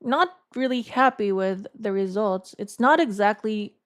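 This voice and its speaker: Woman, streamer, casual live-stream chat, thinks aloud, halting, repeats words, middle pitch. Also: animated.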